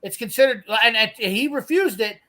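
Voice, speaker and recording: On a live garage show, a man with a very high, pushed, bright voice tells a brash, profane story in casual chat at normal speed. He's expressive, swearing freely and acting out the lines of the people in the tale.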